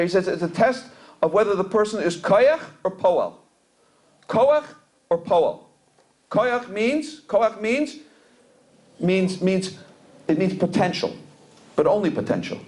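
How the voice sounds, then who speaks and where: Higher-voiced man giving a Torah lecture. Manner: storytelling, repeats words while searching for a phrase; mixes Hebrew and Yiddish terms into English. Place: community center event hall.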